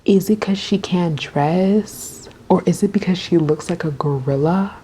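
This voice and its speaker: A woman voicing a snide teenage girl who mocks someone in a high, incredulous tone. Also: a little slow, mellow, slight background noise, close to an everyday voice. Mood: mocking.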